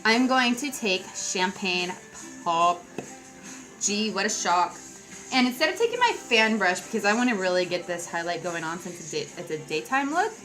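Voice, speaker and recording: A woman's voice: mid-range voice, sharp tone, poor audio. Young woman doing a makeup tutorial, giggly chatty asides, music going in the background. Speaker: beauty vlogger. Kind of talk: casual makeup tutorial talk.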